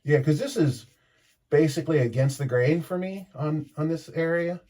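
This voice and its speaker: While shaving for a casual vlog, a man tells a rambling story and keeps interrupting himself with chatty asides. His voice is a little high with a dark tone, at a normal speed.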